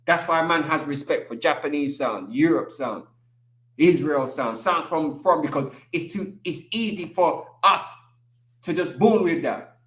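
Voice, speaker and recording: Animated man with street slang. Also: on the high side, measured pace, echoey room. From England. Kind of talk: casual chat.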